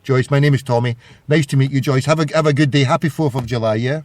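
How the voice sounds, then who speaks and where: A man's voice: mid-range voice, fairly even intonation, fast talker, darkish tone, no echo. A Scottish man hosting a call-in radio show, rambling and jokey, with a lot of stumbling restarts. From Scotland. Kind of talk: casual call-in radio chat.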